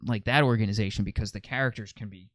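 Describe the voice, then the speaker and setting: A man hosting a podcast interview, asking questions casually with halting restarts. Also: fairly low pitch, dry recording. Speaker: podcast host.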